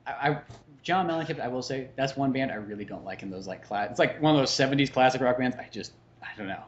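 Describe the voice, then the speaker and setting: A man's voice: medium pitch, lively intonation, quick pace, highs cut off, slight background noise. A young man hosting a podcast in casual chat, rambling and swearing freely. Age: young adult. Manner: rambling, swears freely, slips into mocking voices. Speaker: podcast host.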